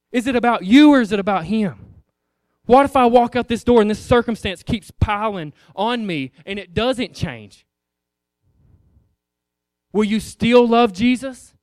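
High-voiced preacher asking questions. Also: male voice, a little mellow, dry recording, clean studio sound. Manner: conversational, rhetorical questions, addresses the congregation as guys. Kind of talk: informal sermon.

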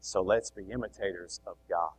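A middle-aged man preaching a sermon, animated, swinging between loud emphasis and soft asides. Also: low voice, fairly quick, rough recording. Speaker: pastor.

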